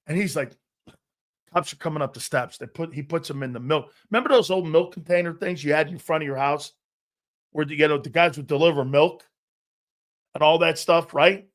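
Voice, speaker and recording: A middle-aged man hosting a sports talk show, telling a profane, animated story and loudly acting out the people in it. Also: fairly high pitch, a little fast.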